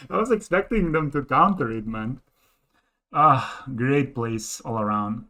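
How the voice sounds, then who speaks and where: A man streaming a card game, thinking aloud as he counts plays and muttering to himself. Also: mid-range voice. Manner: thinks aloud, counting and muttering, bursts into excited laughing disbelief. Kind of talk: live gameplay commentary.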